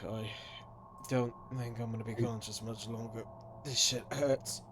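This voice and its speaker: A man's voice: mid-range voice, little pitch movement, unhurried, lightly acted. A man voicing a bald male tattoo customer who complains of the pain, over a noisy background. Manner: complaining, pained.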